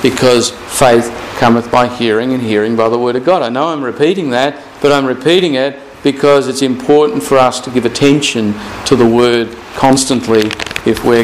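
A man preaching a sermon, slowing down and repeating scripture phrases for emphasis. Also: mid-range voice, a little hiss or hum, poor audio. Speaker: pastor.

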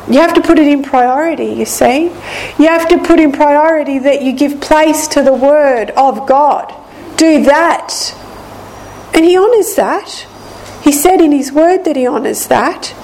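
A woman teaching from the Bible, speaking slowly and deliberately and repeating key lines of scripture. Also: high voice, darkish tone, low-quality recording. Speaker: preacher.

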